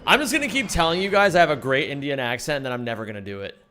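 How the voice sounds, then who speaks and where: A man's voice: medium pitch, expressive, rapid-fire, bright, forceful tone, a little hiss or hum. A young man streaming a speedrun, chatting casually with viewers, coaching himself and swearing freely. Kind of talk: casual livestream chat while speedrunning.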